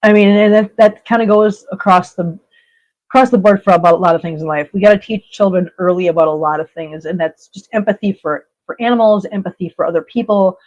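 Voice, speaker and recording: A woman's voice: mid-range voice, brisk, a little mellow, muffled recording. A woman hosting a live stream, chatting casually and reading out viewer comments, blunt, emotional and repeating herself for emphasis.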